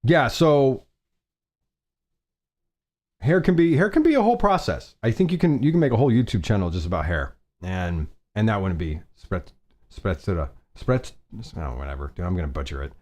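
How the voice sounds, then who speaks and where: Male stream host, deep-ish and animated in pitch, rambling and self-deprecating. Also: brisk. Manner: chatty, rambling, with frequent restarts and self-deprecating laughs. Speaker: fashion live stream host. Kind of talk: casual live stream chat.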